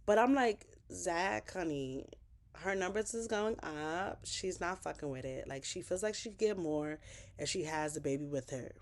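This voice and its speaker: A woman YouTuber giving a chatty, profane, lively recap of a TV episode. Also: lowish voice, normal speed.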